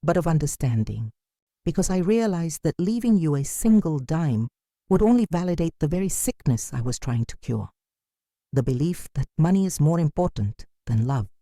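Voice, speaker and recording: A woman narrating a dramatic first-person story, measured, calm and firm. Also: low-pitched, no room sound, clean studio sound.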